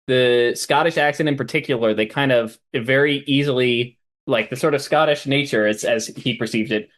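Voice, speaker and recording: A man's voice: mid-range voice, a bit bright. A man who is a guest on a film podcast, speaking in casual chat with hesitant "uh"s and restarts.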